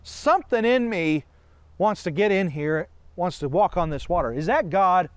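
Animated preacher, male, high voice, dry close recording. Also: normal speed, smooth, dry recording. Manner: animated, asks many rhetorical questions, laughs often. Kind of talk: sermon.

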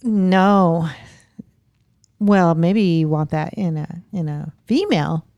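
A woman podcast co-host with a low, sultry voice, chatting casually, giggling and reading list items aloud. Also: slow pace, mellow, no echo, muffled recording. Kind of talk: casual chat.

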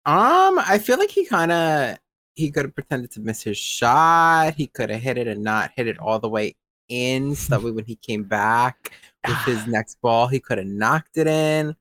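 A co-host in a casual recap chat, animated and acting out what others said. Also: medium pitch, normal speed. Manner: animated, acts out others' lines.

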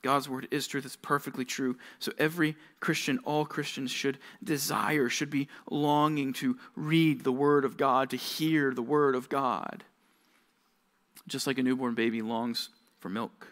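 A man's voice: medium pitch, fairly even intonation, measured pace, a bit bright. A young man, a youth pastor, giving a casual, conversational sermon to teenagers, full of rhetorical questions.

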